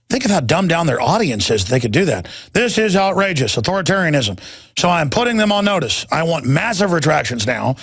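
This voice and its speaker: A man's voice: on the high side, fairly bright tone, no echo. A middle-aged man hosting a talk radio show, delivering an indignant, emphatic rant from a broadcast studio. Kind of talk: heated broadcast monologue.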